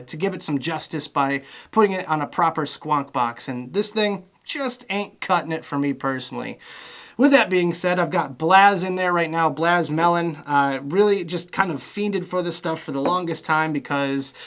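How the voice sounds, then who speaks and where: A young man chatting casually in a vlog, relaxed and rambling with lots of fillers as he talks through his gear. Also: fairly high pitch. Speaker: vlogger reviewing vape gear.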